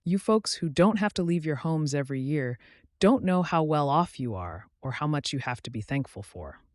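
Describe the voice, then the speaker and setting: A man's voice: on the high side, animated, moderate pace, dry recording, studio quality, voice pushed up, natural voice. A man voicing an anxious, distrustful female duck far from home, fretful and tearful.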